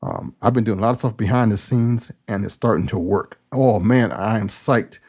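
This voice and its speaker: A man who preaches, hosting his own podcast in a casual solo monologue, talking in a folksy, joking and excitable way. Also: on the low side, moderate pace, breathy edge.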